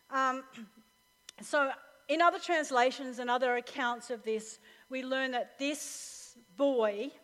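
A woman pastor preaching a sermon to a live audience, telling stories in an animated way with frequent laughter. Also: high voice. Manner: animated storytelling, laughs often. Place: church hall with live audience. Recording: reverberant live hall recording.

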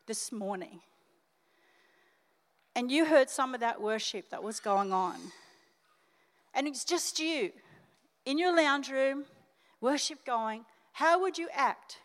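An older Australian woman preaching from the stage in a high, bright voice. She talks straight to her congregation, animated and emotional. Her words ring out with the long reverb of a church hall. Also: takes it slowly, pauses often. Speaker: senior pastor. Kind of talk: sermon.

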